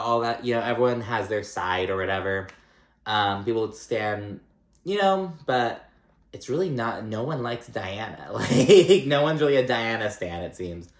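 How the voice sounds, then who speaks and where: A man with a lowish voice rambles through a reality TV recap, loose and profane, leaning on filler words. The sound bounces around an echoey room. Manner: chatty, profane, rambling with many likes. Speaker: recap vlogger.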